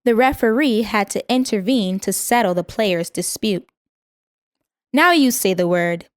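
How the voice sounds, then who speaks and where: A woman's voice: mid-range voice, expressive, no room sound, clean studio sound. Woman reading out vocabulary words. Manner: measured, says each word twice for repetition. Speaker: vocabulary instructor. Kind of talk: scripted vocabulary lesson.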